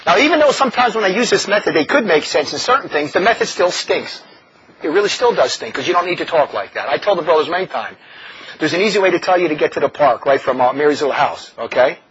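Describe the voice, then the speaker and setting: A man preaching a sermon in an animated, mocking way, often laughing as he talks. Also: fairly high pitch, quick pace, breathy edge. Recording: dull lo-fi recording with faint noise.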